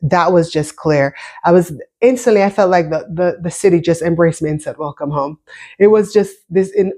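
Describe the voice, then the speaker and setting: A woman's voice: lowish voice, brisk, warm tone. A woman in her fifties with a Jamaican-American accent, chatting casually and telling her personal story to viewers, often restarting and repeating words. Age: 50s. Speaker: vlogger.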